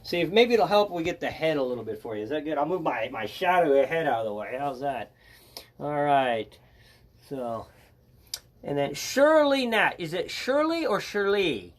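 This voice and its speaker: A man's voice: on the high side, big pitch swings, moderate pace. An older man hosting a casual live educational stream, chatty and joking as he greets viewers by name.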